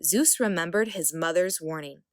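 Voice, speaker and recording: A woman reading a children's picture book aloud as a storyteller, expressive and unhurried. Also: on the low side, no echo, clean studio sound.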